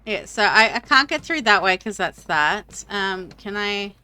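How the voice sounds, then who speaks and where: A woman's voice: mid-range voice, animated, measured pace, sharp tone, smooth. A woman streaming a game, chatting casually and rambling with many fillers and restarts. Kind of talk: casual gameplay chat.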